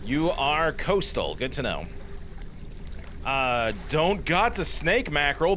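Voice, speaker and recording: A man giving jokey, self-deprecating commentary over a video game. His voice is bright and lively, swinging up and down often, with a slightly raised pitch and faint background noise. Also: slow pace. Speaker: let's play host. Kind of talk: casual gameplay commentary.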